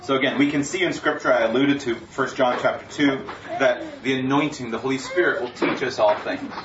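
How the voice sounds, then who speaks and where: A man's voice: medium pitch, brisk. A man preaching a sermon with earnest emphasis, reading scripture aloud. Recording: far-off, echoey, dull, noisy room recording.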